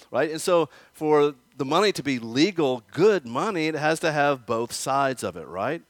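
A man's voice: on the high side, lively intonation, normal speed, hardly any pauses, no echo. A man preaching an expository sermon in a church, asking the congregation questions and raising his emphasis when he acts out quoted voices. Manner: conversational, asks the congregation questions.

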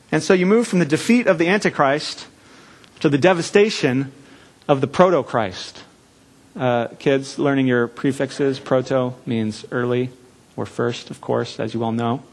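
A man preaching a sermon in a church, earnest and measured, with deliberate pauses. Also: fairly high pitch. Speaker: pastor.

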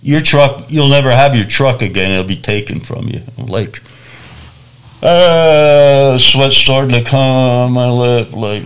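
A man preacher telling a personal story in a lively, animated way, acting out the voices of people in it. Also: mid-range voice, slow pace, clean tone. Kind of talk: storytelling testimony.

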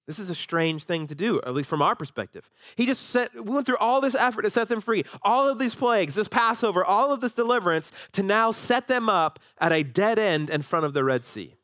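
A man preaching a sermon as pastor, animated, jumping up in pitch when he acts out quoted voices. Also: brisk, hardly any pauses, dry recording, studio quality.

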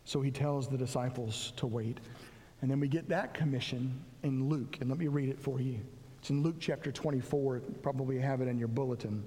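A man's voice: medium pitch, steady tone, a little fast, mellow. A man preaching a sermon as pastor, reading scripture with rising emphasis. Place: church sanctuary. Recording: long reverb of a large hall.

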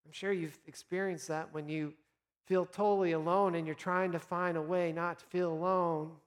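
A man speaking as a pastor, giving an earnest, encouraging devotional talk for Lent with gentle pauses. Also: on the high side, little pitch movement, in a large hall.

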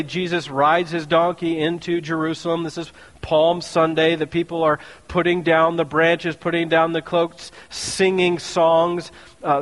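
A man preaching a sermon in a joking, conversational way, full of quick asides. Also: a little high. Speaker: pastor. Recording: long hall reverb.

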